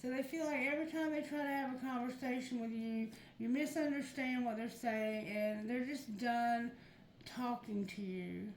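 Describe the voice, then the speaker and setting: A woman's voice: a little high, steady tone, moderate pace, a little mellow. A woman reading tarot for her viewers, talking frankly and chattily and now and then calling on spirit. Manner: frank, chatty, addresses spirit, earthy phrasing. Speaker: tarot reader. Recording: echoey room with noise behind.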